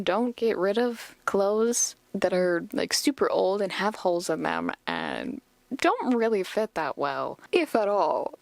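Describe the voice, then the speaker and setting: Woman creaky-voiced rambling podcast host. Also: mid-range voice, no room sound. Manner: rambling, filler-heavy, chatty. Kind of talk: casual episode recap.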